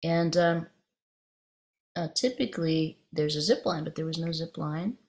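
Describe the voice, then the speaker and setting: Low, gravelly-voiced woman teacher. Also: unhurried. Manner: conversational, meandering, with frequent restarts. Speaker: meditation teacher. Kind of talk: dharma talk with personal storytelling.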